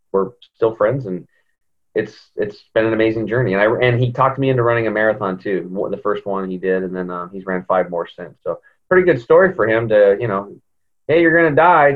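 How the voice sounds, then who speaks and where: A low-pitched man tells a story on a podcast, the sound dull and lo-fi. He talks with lively animation and keeps leaping up in pitch whenever he acts out what other people said. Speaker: podcast guest. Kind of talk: storytelling in an interview. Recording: dull lo-fi audio.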